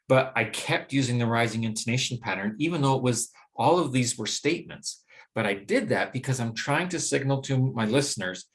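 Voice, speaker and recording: A man teaching English pronunciation in a recorded lesson, explaining clearly and saying example words slowly and deliberately. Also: medium pitch, animated, fairly bright tone.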